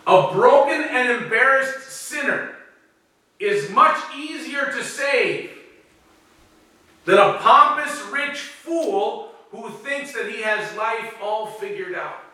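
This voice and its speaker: Male preacher, bright, slow, dramatic delivery; far-off mic in a very echoey hall. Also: extremely high pitch, expressive. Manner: dramatic, acting out quoted voices. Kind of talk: sermon.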